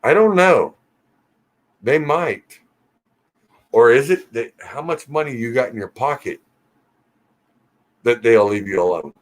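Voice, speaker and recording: A man hosting a casual live Q&A stream, reading viewer comments aloud and teasing regulars in a relaxed, joking way. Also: mid-range voice, unhurried, pauses often.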